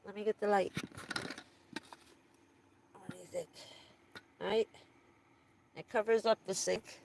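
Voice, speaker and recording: This is a chatty woman giving a laid-back livestream tour of her camper van. She speaks at an unhurried pace in a mid-range voice and rambles, filling gaps with "um" and "you know.". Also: medium pitch, fairly even intonation, creaky, darkish tone, slight background noise. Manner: rambling, chatty, giggly, with many fillers. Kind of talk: casual livestream chat. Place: inside a small camper van.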